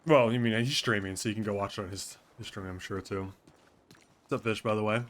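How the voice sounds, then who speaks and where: This man's voice sits on the low side, brisk and fairly bright, with fairly even intonation. He's streaming a role-play game and chatting casually with viewers out of character, thinking aloud and swearing freely.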